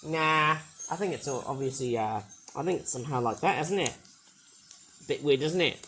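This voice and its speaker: A man with a hoarse, sore-throated voice talks through a toy unboxing in a casual, rambling way, breaking into loud excited bursts. His voice sits high and sounds bright and tense despite the hoarseness. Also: moderate pace, a little hiss or hum, poor audio. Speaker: toy reviewer.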